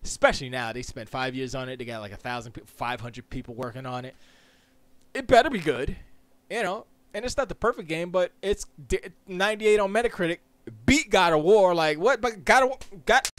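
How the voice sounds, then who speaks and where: A man hosting a casual solo podcast, talking in an animated, rambling, jokey way full of quick asides. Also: high voice, no echo. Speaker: podcast host. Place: Florida. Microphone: close studio mic.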